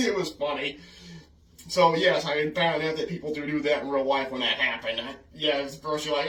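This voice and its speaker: Recorded from a distant mic in an echoey room, this man reviews films for his vlog at a moderate pace. His pitch is fairly high and a bit bright, and his rambling, casual recollections come with apologies, small chuckles, and frequent "oh, goodness."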